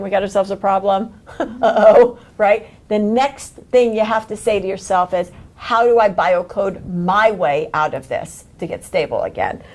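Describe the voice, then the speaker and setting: An energetic woman leads a live coaching workshop, her voice sitting at an ordinary middle pitch. She laughs often and acts out quoted reactions as she talks the group through an exercise. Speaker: workshop leader.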